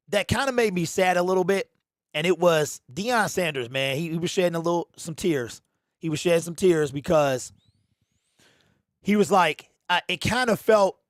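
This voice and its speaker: A man hosting a casual fan livestream, animated and slangy, talking straight to his chat. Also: on the high side, no room sound, studio quality. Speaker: livestream host.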